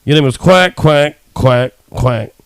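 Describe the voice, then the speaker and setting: A man voicing a tired male judge in a told joke, speaking slowly and flatly. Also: mid-range voice, gravelly, clear, resonant tone, no echo. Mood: exasperated. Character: weary male judge, fed up.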